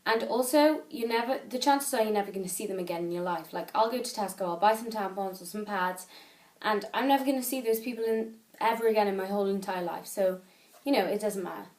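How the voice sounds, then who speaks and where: A woman's voice: medium pitch, fast, a little mellow. A teenage girl from the UK chatting casually into an iPad camera at home, rambling and correcting herself as she gives advice. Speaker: vlogger.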